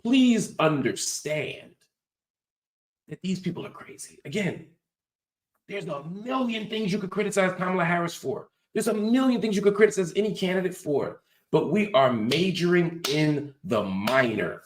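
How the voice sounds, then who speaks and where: A man's voice: high voice, expressive, moderate pace, echoey room. A man hosting a political commentary show, teaching in an emphatic, preacher-like cadence. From United States. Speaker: host.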